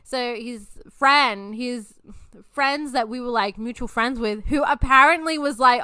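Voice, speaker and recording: A woman's voice: on the high side, unhurried, bright, forceful tone, smooth, dry recording. A woman in her twenties hosting a podcast, telling personal stories in a loose, chatty way, swearing freely and laughing often. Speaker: podcast host. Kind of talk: casual storytelling chat.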